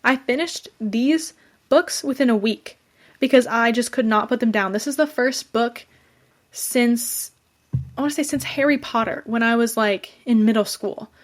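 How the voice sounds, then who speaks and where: A young woman hosting a podcast, giving an excited, chatty recap of a fantasy book with lots of fillers and restarts. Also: on the high side, normal speed. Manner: gushing, enthusiastic, fangirling. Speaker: podcast host. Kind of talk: casual book review recap.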